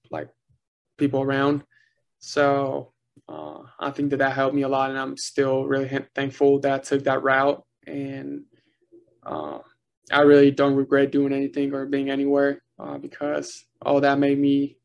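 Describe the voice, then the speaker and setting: A young man from Uruguay, a college basketball player answering interview questions softly with many pauses. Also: medium pitch, creaky. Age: young adult. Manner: soft-spoken, many "uh" fillers.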